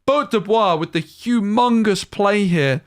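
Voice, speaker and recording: A man casting a card game tournament live, calling plays briskly and thinking aloud between moves. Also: high voice. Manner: brisk analytical play-by-play with thinking-aloud asides. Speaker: tournament caster. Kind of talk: live esports play-by-play commentary.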